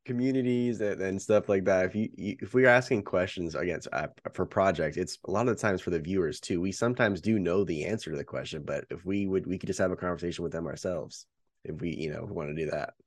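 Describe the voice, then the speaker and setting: A man co-hosting a podcast, joking and relaxed in casual chat. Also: sits low, fast talker, no room sound. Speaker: podcast co-host.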